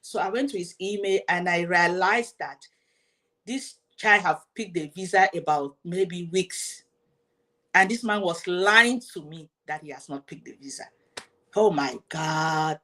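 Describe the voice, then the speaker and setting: A woman's voice: lowish voice, a little slow, bright, forceful tone. A woman hosting her own show, telling a personal story to her viewers in an emotional way, often repeating herself and speaking straight to her audience. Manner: emotional, repetitive, addresses the audience directly. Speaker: host.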